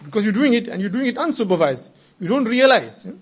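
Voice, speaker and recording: Very husky man preaching a story sermon. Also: high-pitched, sing-song, fast talker. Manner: moves from quiet narration to emphatic, raised exhortation.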